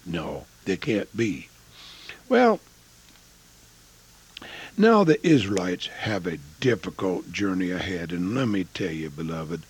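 An older man preaching a sermon, folksy, swinging between loud rises and hushed near-whispers. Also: low-pitched, breathy edge.

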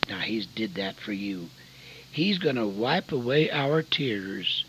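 A man preaching a sermon with personal testimony, dropping to hushed near-whispers and then rising to loud, fervent preaching. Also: fairly low pitch, animated, slow, husky. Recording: dull lo-fi recording with faint hum.

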